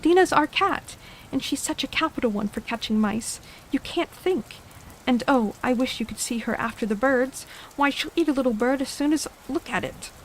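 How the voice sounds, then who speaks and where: A woman puts on a chatty little girl in a whispered role-play, her voice lifting high and eager with a wistful edge. The reading stays hushed and gentle, with a faint hiss of rain underneath. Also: normal speed, close to an everyday voice, poor audio.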